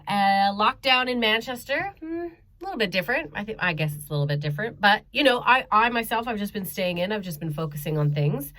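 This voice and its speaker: A woman's voice: mid-range voice, pushed and bright. A woman doing a stand-up comedy set from her bedroom at home, chatty and self-mocking, with frequent ums and laughs. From Canada.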